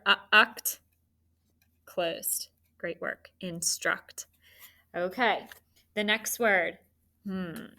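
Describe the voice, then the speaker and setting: A woman's voice: mid-range voice, bright, forceful tone. A woman teaching a children's phonics lesson, spelling out letters and encouraging the students.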